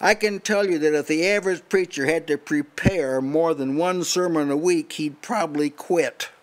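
A man's voice: a little high, moderate pace. An older man preaching a sermon at a house church meeting, emphatic and challenging, often restarting his sentences.

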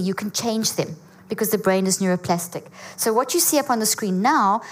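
A woman giving an energetic teaching talk to a church audience, often checking in with her listeners. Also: mid-range voice. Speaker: guest speaker. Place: church auditorium.

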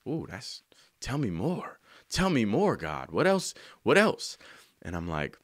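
A man telling an emotional story about writing a song, earnest and slangy, sometimes softly singing lines. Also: sits low, sing-song, normal speed, gravelly, no echo, clean studio sound. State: choked up. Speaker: songwriter. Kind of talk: heartfelt spoken testimony.

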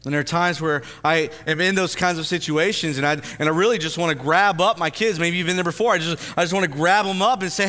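A man preaching a sermon as pastor, earnest, stammering into restarts and swinging between hushed and lively. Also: fairly high pitch, fast talker, hardly any pauses, big-room sound. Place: church sanctuary.

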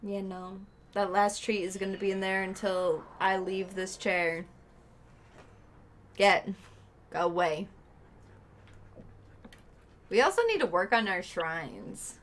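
A woman's voice: medium pitch, moderate pace, hardly any pauses. A woman streaming a video game, chatting casually, muttering asides and shooing a pet away. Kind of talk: casual gameplay chat.

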